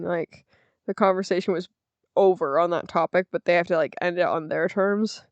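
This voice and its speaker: A woman's voice: lowish voice, fairly even intonation, normal speed, no echo, muffled recording. A young woman hosting a casual solo podcast, chatting in a rambling, self-deprecating way with lots of fillers, close to the mic. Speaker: podcast host.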